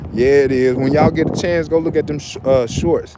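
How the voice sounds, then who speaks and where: A man's voice: fairly high pitch, fairly even intonation, moderate pace, heavy background noise. A man chatting loosely on a livestream, rambling and repeating himself, outdoors by his vehicles on a phone. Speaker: livestream host. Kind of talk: casual livestream chat.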